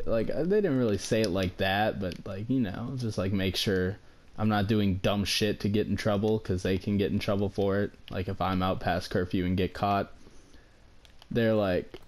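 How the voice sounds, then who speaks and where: A man's voice: fairly low pitch, fairly even intonation, normal speed, a little mellow. A young man telling a story in a casual, rambling way, filling his talk with "like" and the odd swear word. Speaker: vlogger.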